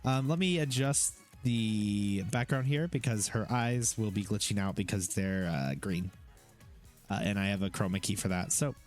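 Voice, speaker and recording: A man's voice: fairly low pitch, normal speed. Chatty man with faint music behind. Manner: chatty, rambling with fillers and self-deprecating asides. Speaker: streamer introducing his channel. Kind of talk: casual talking-head explainer.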